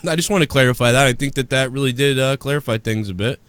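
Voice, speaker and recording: A man's voice: mid-range voice, quick pace, a bit bright, clear, resonant tone, no room sound. A man hosting a podcast in casual chat, rambling and profane, with frequent restarts. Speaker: podcast host.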